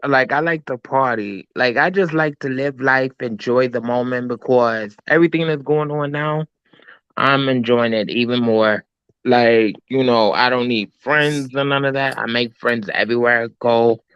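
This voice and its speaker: A man's voice: medium pitch, moderate pace, fairly bright tone, clean tone, no echo. A man with a New York accent, a guest chatting casually and rambling with lots of fillers. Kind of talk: casual chat. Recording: dull, dry sound.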